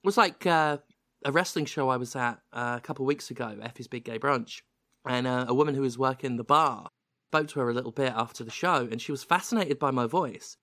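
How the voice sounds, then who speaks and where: A man with a British accent that carries a slight American hint, hosting a podcast in animated, self-mocking casual chat. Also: medium pitch, brisk, no room sound, clean studio sound. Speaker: podcast host.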